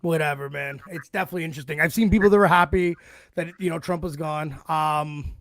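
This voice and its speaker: High-pitched male co-host, emphatic and casual, dry close mic. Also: fairly even intonation, brisk, vocal fry, a bit bright, no room sound. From Canada. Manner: emphatic agreeing, swearing. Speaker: podcast co-host. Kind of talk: casual chat.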